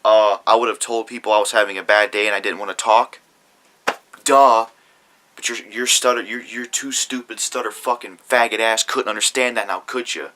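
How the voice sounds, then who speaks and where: A young YouTuber rants angrily to camera in a profane vlog, reading out comments and arguing back. His voice is on the low side, bright and forceful, with a steady tone, a slightly fast pace and few pauses, on a low-quality recording.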